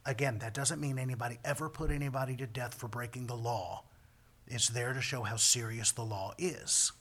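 A man teaching a Bible passage with commentary, earnest and emphatic, often sinking to a hushed, breathy near-whisper. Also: mid-range voice, fairly even intonation, moderate pace.

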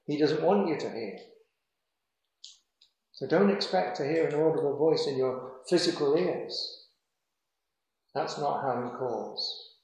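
Earnest preacher in a very echoey church. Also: male voice, medium pitch, darkish tone. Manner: earnest, measured, with slow emphatic phrases. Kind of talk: sermon. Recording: very echoey hall.

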